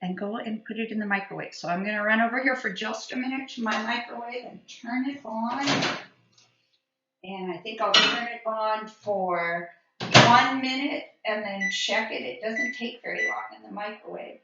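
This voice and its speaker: A woman teaching a gentle, encouraging children's cooking lesson, talking directly to the kids. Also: a little high, moderate pace, heavy background noise. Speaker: preschool teacher. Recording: echoey room, slightly dull lo-fi sound.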